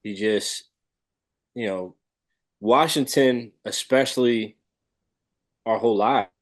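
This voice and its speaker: A man talking football as a guest in a casual chat, relaxed and given to halting restarts. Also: mid-range voice. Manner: relaxed, hesitant, repeats words. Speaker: guest analyst.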